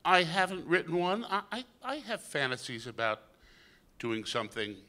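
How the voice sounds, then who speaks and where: A man's voice: a little high, big pitch swings, moderate pace. A man, an actor, telling an anecdote on stage, stammering and acting out quoted lines. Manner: stammering storyteller who acts out lines loudly. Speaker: actor guest.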